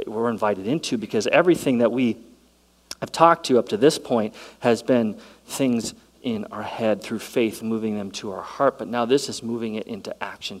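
A man preaching a sermon, shifting between quiet reflective passages and loud, excited storytelling. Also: fairly low pitch, moderate pace, poor audio. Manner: dynamic preaching, swings from soft to loud and excited. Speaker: pastor.

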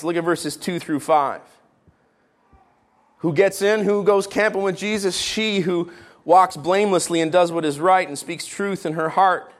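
A pastor raised in Israel preaches a sermon in a slightly high voice. He is animated and jokey, swinging between loud, emphatic lines and sudden hushed, quiet ones.

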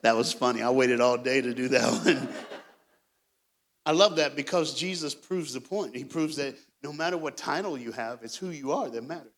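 A man from Knoxville, preaching a storytelling sermon as a guest speaker, swinging from hushed lines to near shouts. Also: mid-range voice, moderate pace. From Knoxville, Tennessee.

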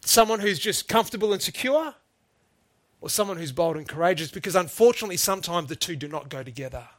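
An emphatic preacher in middle age, delivering a sermon with conviction. His voice sits fairly high for a man. The recording is dry and close, with little room sound. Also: lively intonation, fast, a bit bright, no echo. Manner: earnest, emphatic, addresses listeners as "folks".

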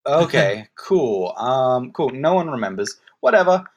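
A man co-hosting a laid-back movie review show, telling the story in a meandering, joking way. His pitch swings widely as he talks, and he stops often to look for the right word. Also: very animated, measured pace. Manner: rambling, jokey, searching for words. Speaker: podcast co-host reviewing a movie. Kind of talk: casual chat.

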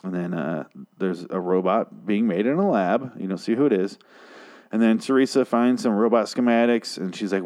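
A man's voice: deep voice, moderate pace, darkish tone. A man casually recapping a TV episode, rambling and swearing, mocking himself as he goes. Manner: profane, rambling, self-mocking. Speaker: show recapper.

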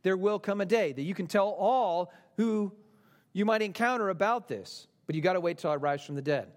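Earnest preaching man, slightly high voice. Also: expressive, normal speed. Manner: earnest preaching, rising to emphatic then dropping soft and low; conversational asides and rhetorical questions. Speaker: pastor. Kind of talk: sermon.

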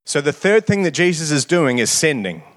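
Earnest male preacher, fairly high voice. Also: sing-song, normal speed, a bit bright. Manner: earnest, repeats words when starting phrases. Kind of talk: sermon.

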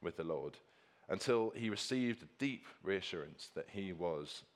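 Earnest low-voiced preacher. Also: male voice, animated, unhurried. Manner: earnest, emphatic, repeats key phrases for stress. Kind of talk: sermon with slides.

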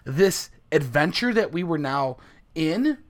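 An American man co-hosting a deadpan comedy chat, rambling with halting restarts. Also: a little high. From United States. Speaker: co-host.

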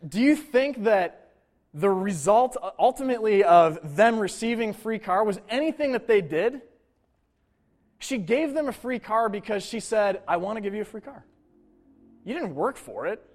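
Conversational male pastor, slightly high voice. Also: animated, a little mellow. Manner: conversational preaching with asides and quick impressions. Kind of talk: sermon.

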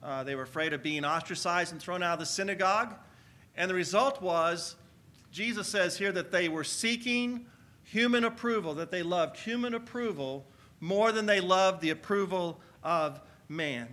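A pastor delivers a sermon in a high, bright voice. He is energetic and calls on his congregation to shout their answers back. He preaches to his church. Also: normal speed. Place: church sanctuary.

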